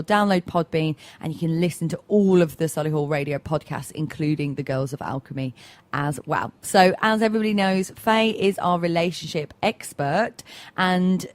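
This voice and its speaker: A woman's voice: lowish voice, a little mellow, dry recording. A woman hosting a radio breakfast show in upbeat, casual chat. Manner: chatty, upbeat, with fillers. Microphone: studio microphone.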